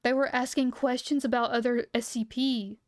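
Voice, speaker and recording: A woman's voice: fairly high pitch, steady tone, normal speed, dry recording, studio quality. A young woman streamer reading aloud and chatting casually, her voice a bit worn as she is losing it. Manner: chatty, reads aloud then reacts.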